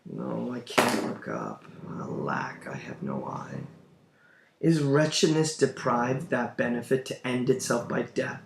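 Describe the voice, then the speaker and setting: A man voicing an old, blind, despairing nobleman, low and mournful. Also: lively intonation, slow pace, creaky. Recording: roomy room, faint background hum.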